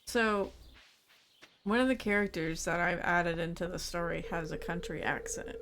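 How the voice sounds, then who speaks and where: A woman's voice: on the low side, normal speed, noisy background. A woman streaming a farming game in a casual chat, thinking aloud and answering her chat.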